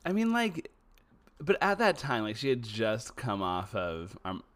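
A man's voice: mid-range voice, wildly swooping pitch, unhurried, fairly bright tone. A man co-hosting a podcast in casual chat, rambling and joking with many filler words. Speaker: podcast co-host.

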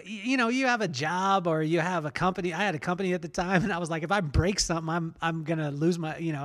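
Higher-voiced man hosting a podcast. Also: fairly bright tone. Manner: self-deprecating, rambling with restarts. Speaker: podcast host. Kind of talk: casual storytelling interview.

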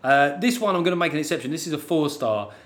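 A man's voice: a little high, lively intonation, fast talker. A man hosting a podcast, chatting casually and signing off with sarcastic, sweary asides. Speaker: podcast host. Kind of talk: casual podcast chat and sign-off.

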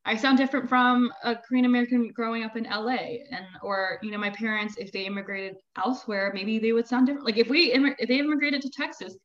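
A woman's voice: on the high side, fairly even intonation, quick pace, few pauses. A woman from Maryland with a Maryland accent, a podcast guest talking casually in a blunt, offhand way. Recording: dull, lo-fi remote podcast audio.

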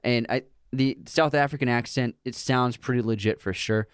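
A man's voice: mid-range voice, fairly even intonation, moderate pace, smooth, no echo, studio quality. A man co-hosting a podcast, giving opinionated takes on actors and films in a casual chat. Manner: opinionated, talks through his views. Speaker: podcast co-host. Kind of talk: casual film discussion.

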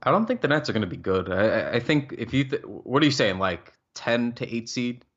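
A man's voice: mid-range voice, sing-song, a little fast, a bit bright, highs cut off. A young man co-hosting a podcast, ranting heatedly in casual sports talk and swearing freely. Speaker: podcast co-host.

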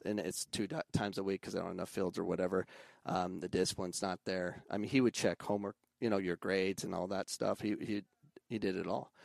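Gravelly low-voiced soccer coach man. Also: dry recording. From Arizona. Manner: animated, mimics other coaches and parents in raised voice. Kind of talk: casual podcast conversation.

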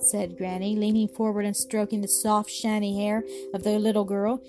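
Woman, storybook narrator, gentle measured delivery, fairly high voice, music in the background. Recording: music playing behind.

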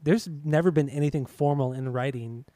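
Mellow man rambling through a story. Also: a little high, a little fast, dry recording. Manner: rambling, hesitant, profane, many fillers. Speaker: podcast co-host. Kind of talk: casual chat, recounting music history.

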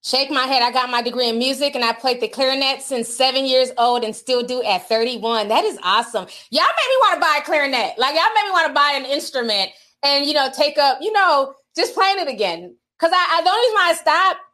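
A woman's voice: sits high, expressive, fairly quick, bright, forceful tone. A woman hosting a casual livestream, chatting and reading out viewer super chats, laughing often.

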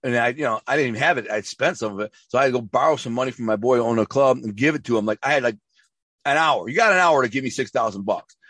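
A man from the Detroit area tells his stories at a rapid clip, stumbling over restarts and slipping into acted-out quotes. His mid-range voice sits dry and close, with no room around it. The talk is casual, profane and streetwise. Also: mid-range voice, fairly bright tone, husky, no echo. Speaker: interview guest, former mob associate and author. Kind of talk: casual storytelling interview.

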